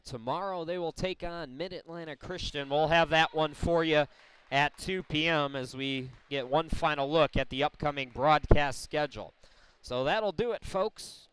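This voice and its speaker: A man calling a college women's basketball game play by play, explaining the situation in a measured way between plays. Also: fairly high pitch, fairly bright tone, a little hiss or hum. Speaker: play-by-play announcer. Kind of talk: sports commentary. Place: college gym broadcast.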